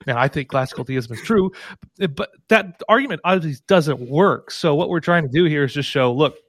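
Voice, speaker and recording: A man's voice: a little high, no echo. Emphatic man with a dry close voice. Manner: emphatic and animated, quick asides. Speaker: guest, paper co-author. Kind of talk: casual academic debate.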